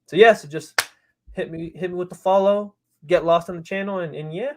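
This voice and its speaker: A man's voice: sits high, brisk, noisy background. A man guesting on a sports podcast, chatting animatedly, laughing and repeating himself as he talks. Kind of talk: casual sports chat.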